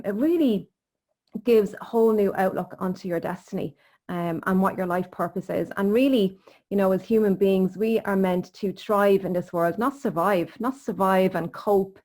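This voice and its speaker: Woman host, mid-pitched, motivational, casual interview talk. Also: a little mellow. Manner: earnest, encouraging, motivational. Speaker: podcast host, sleep coach.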